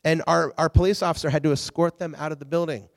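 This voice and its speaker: A slightly high-voiced man preaches in a loose, conversational way, restarting phrases and tossing in "okay?" to his listeners. His voice rings out with a long reverb, as if he is speaking in a large hall. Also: fast, gravelly. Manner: animated and chatty, with frequent restarts and "okay?" check-ins. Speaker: preacher teaching a Bible lesson. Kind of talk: casual, conversational Bible teaching.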